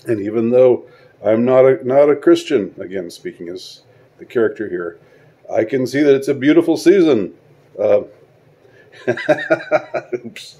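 A man delivering a spoken video monologue, halting and searching for words, with sarcastic rhetorical questions. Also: lowish voice, dark tone. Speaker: online commentator.

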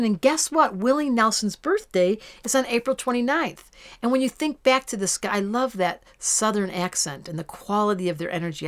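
A woman astrologer giving a casual horoscope talk to camera in a playful way, drawing out her soft words. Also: a little high.

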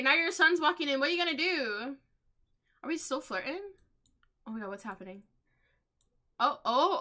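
A young woman host chatting excitedly over her gameplay, with many gasps, laughs and quick exclamations. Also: sits high. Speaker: gaming channel host. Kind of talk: casual gameplay commentary.

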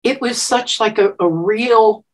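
A woman in her seventies telling a personal story in an interview, animated, laughing often and getting emotional with halting restarts. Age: 70s. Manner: animated, laughs often, acts out quotes with sudden pitch jumps. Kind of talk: storytelling, recounting a personal memory.

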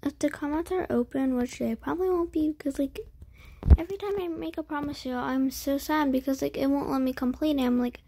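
A woman giving casual, chatty commentary while playing a game, full of fillers and quiet whispered asides. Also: high-pitched, fairly quick, slight background noise. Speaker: gaming video creator. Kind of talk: casual let's-play commentary.

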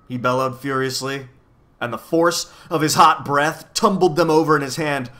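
Bright, expressive male storyteller for a children's audiobook. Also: fairly high pitch, moderate pace. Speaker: reader. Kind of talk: reading a children's novel aloud.

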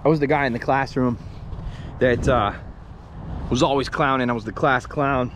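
A man in his thirties vlogging outdoors in the woods, rambling, joking and swearing, getting excited over finds. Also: mid-range voice, moderate pace, a little hiss or hum. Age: 30s. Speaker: paranormal explorer vlogger. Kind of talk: casual outdoor vlog.

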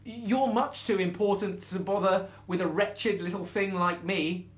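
Guy doing a tiny squeaky mouse, scared stiff, stammers and begs, voice way up high, storybook. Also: steady tone, unhurried. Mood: pleading. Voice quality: squeaky, tearful. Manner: stammering, begging. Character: tiny terrified pleading male mouse.

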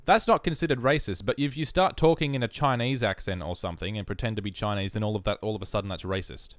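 A man's voice: lowish voice, fast talker, dry recording. A man with an Australian accent rambling in casual, jokey, self-mocking commentary over a video game. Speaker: gaming YouTuber. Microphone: headphones and desk mic.

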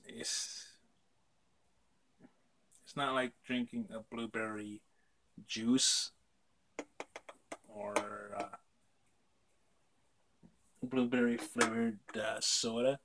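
A man's voice: mid-range voice, level tone, takes it slowly, long pauses, background noise. A young man chatting casually on his vlog, rambling with lots of fillers and casual swearing. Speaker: vlog host. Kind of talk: casual chat.

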